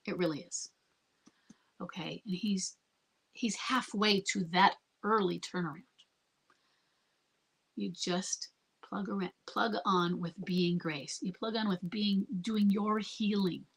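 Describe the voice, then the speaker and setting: Husky woman giving calm marriage advice. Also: medium pitch. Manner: calm, earnest, repeats herself. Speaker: marriage coach. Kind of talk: live Q&A advice.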